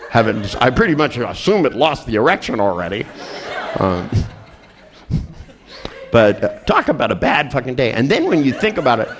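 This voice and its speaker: A man at a seminar who tells a comic story with plenty of energy. His voice sits at a middle pitch. He laughs through his own lines and often trips and restarts mid-sentence. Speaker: seminar presenter.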